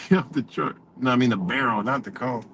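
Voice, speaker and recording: A man's voice: medium pitch, moderate pace, fairly bright tone. A man live streaming while driving, telling a story in a rambling, profane way and laughing often. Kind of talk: casual storytelling. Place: in a moving vehicle on a highway. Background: faint road and vehicle noise.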